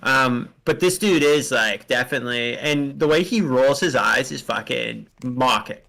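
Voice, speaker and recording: Brief: gravelly, tense-toned male co-host, relaxed musing chat. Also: medium pitch, unhurried, rough recording. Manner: reflective, hedging, casual. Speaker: podcast co-host. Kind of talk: casual chat.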